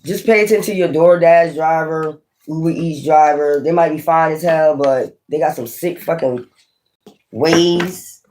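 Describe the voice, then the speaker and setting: A man giving a casual tarot reading, blunt and profane, with animated swings in delivery. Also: on the high side, unhurried, a little hiss or hum. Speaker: tarot reader.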